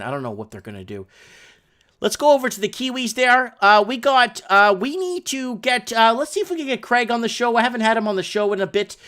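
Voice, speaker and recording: A man with a high, bright, forceful voice hosts a talk show about the housing market. He reads news items aloud, adds rambling commentary, and works out sums as he goes.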